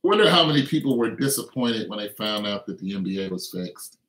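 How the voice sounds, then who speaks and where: A man's voice: very animated, fairly quick, a bit bright. A man hosting a casual livestream, rambling and joking in a mocking tone. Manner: joking, mocking, breaks into laughs and silly high voices. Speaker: livestream host. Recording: echoey room.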